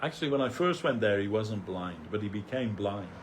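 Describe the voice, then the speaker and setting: An older man, a devotee speaker at a temple festival, gives a rambling remembrance talk built on anecdotes, full of fillers, restarts, and chuckles. His lowish voice is animated and fairly quick, with a little hiss or hum in the audio.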